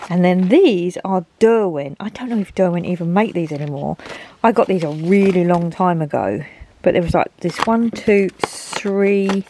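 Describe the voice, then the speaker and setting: A woman's voice: medium pitch, mellow, slight background noise. A woman chatting casually in a home craft vlog, rambling and thinking aloud as she sorts through her things. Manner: rambling, thinks aloud, talks to herself while sorting. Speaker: craft vlogger. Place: home craft room, indoors.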